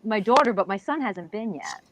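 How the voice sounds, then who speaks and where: A woman from near New York hosting a live online chat, talking in an animated, supportive way and often rambling into her own stories. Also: mid-range voice, moderate pace, slight background noise. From near New York, United States. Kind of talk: casual chat.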